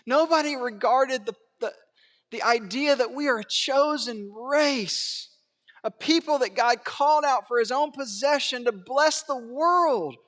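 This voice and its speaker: A man preaching a sermon in a church, swinging between hushed asides and raised emphatic lines, chuckling and asking rhetorical questions. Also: very high-pitched, unhurried, long reverb tail. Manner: acts out biblical quotes in character voices. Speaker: pastor. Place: church sanctuary.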